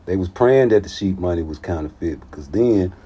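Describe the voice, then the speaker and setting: A man giving casual boxing commentary in a slangy, profane, animated way. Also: low voice, brisk, slightly rough, lo-fi sound.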